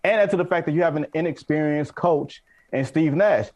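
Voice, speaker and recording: A man's voice: a little high, fairly quick, darkish tone. A man making emphatic points as a sports analyst on a debate show.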